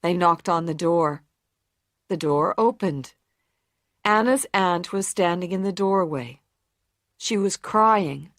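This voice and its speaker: A woman narrating a simple story for English learners, clear and deliberate. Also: fairly low pitch, expressive, dry recording, clean studio sound. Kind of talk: slow scripted story reading for English learners.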